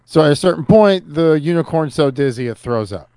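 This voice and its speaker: A man's voice: a little high, expressive, a little fast, a little mellow, no room sound. Laid-back male podcaster telling anecdotes. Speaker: podcast co-host. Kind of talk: casual chat.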